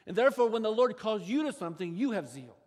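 A man with a notably high voice preaches a sermon with big, expressive swings in force and pitch. The sound carries a long reverb from a large church sanctuary. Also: fast talker. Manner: expressive preaching with sharp rises in pitch and volume. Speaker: pastor.

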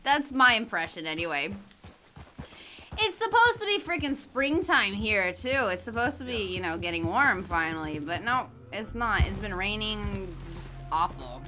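A woman's voice: medium pitch, big pitch swings, moderate pace, bright, forceful tone, a little hiss or hum. A woman streaming a game in casual chat, greeting viewers by name and laughing often. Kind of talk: casual livestream chat while gaming.

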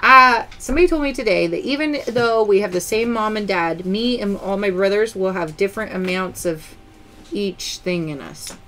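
A woman's voice: mid-range voice, moderate pace, pushed and bright, slight background noise. A woman hosting a live-stream sale, chatty, greeting viewers by name and counting items aloud. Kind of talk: live-stream sales chat.

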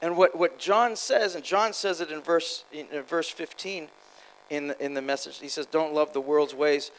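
A man preaching a sermon at a church conference, animated, swinging between loud exclamations and quiet asides, quick and repeating himself. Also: on the high side, a little hiss or hum, rough recording. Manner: quick, with repeated words and restarts. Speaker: guest preacher.

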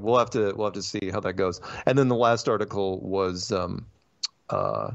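Man, podcast host, animated rants, dry close sound, dull lo-fi audio. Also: deep voice, creaky, no room sound. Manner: animated, ranting, quick asides and restarts. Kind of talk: casual chat.

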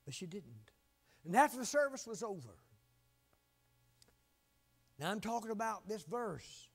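An older man preaching a sermon with fervor, swinging between loud exhortation and hushed asides. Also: sits high, very animated, a little slow, vocal fry, breathy edge. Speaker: pastor.

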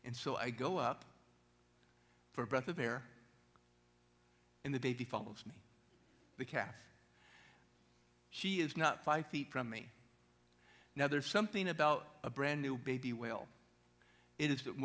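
A middle-aged man, a motivational speaker, telling an energetic story to a church audience and asking them questions. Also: mid-range voice.

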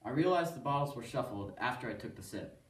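A man reads a first-person poem aloud with a steady, earnest storytelling delivery. His voice sits at an ordinary pitch. He is heard from across a room with plenty of echo. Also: fast talker, slight background noise. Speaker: student reader. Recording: echoey room, voice from far off.

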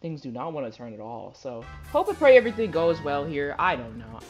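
A woman's voice: low voice, very animated, brisk, soft background music. Young woman ranting over a racing game. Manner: swearing, frustrated outbursts; stammering restarts. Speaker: gaming video creator. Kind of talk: live gameplay commentary.

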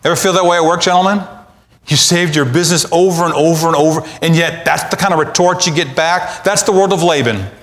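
Impassioned male pastor, higher voice. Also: quick pace, a bit bright. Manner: impassioned preaching, acting out quoted lines. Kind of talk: sermon.

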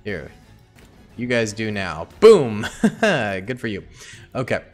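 A man's voice: lowish voice, takes it slowly, a bit bright, soft background music. A young man giving casual gameplay commentary, chatting to himself and pleading with his units. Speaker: gaming YouTuber.

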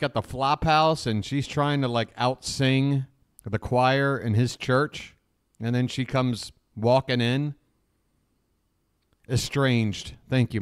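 A man's voice: mid-range voice, clean tone. A man hosting a live stream, talking in a rambling, profane, openly emotional way as he reacts casually to a clip.

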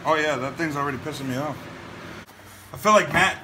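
A man's voice: on the high side, brisk, sharp tone, a little hiss or hum. A man chatting casually as a guest in a garage while working on a truck, blunt and cursing casually. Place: home garage.

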